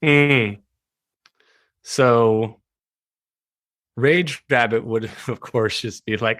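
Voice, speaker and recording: A man speaking as a guest in a casual interview, animated and laughing often. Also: on the low side, takes it slowly, dry recording. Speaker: writer, guest. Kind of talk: casual chat.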